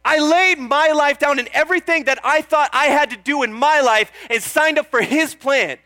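Bright high-voiced young preacher. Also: male voice, moderate pace, dry recording. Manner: earnest and chatty, calling out "Amen?" to the crowd; self-deprecating, laughs at himself. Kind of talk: sermon.

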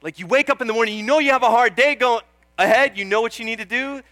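A man's voice: very high voice, fast, bright, forceful tone, dry recording. A young man preaching a sermon in an earnest, chatty way, often calling out "Amen?" and joking about himself. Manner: self-deprecating, laughs at himself.

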